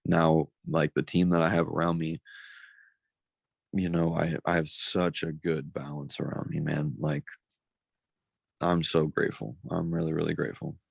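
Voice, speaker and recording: A man's voice: rumbling low, level tone, moderate pace, vocal fry, pauses often, husky, dry recording. A young man from Missouri, a pro fighter, talking candidly in an interview, blunt and profane, getting emotional. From Missouri, United States. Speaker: pro MMA fighter, guest.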